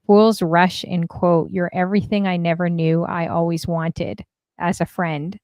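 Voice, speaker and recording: A woman's voice: lowish voice, flat delivery, measured pace, darkish tone, no room sound, clean studio sound. A woman hosting a casual livestream, chatting and reading viewer messages aloud with lots of fillers. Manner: chatty, many fillers, reads comments aloud. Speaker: stream host.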